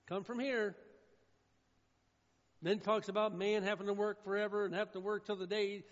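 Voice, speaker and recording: A man preaching a sermon with emphatic delivery, his voice swinging from loud declarations to hushed low lines. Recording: echoey hall with dull sound.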